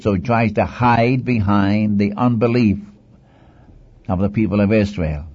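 A man's voice: lowish voice, a little slow, a little mellow. A man preaching a sermon in an earnest, exhorting manner, repeating phrases for emphasis, on a dull lo-fi recording.

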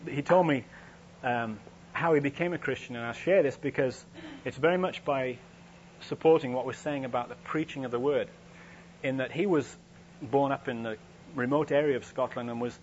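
A man's voice: mid-range voice, a little mellow. A male preacher tells a story in a loose, conversational sermon, often restarting his sentences. His voice sits in a middle register. The recording is dull and lo-fi, with a faint hum and noise underneath.

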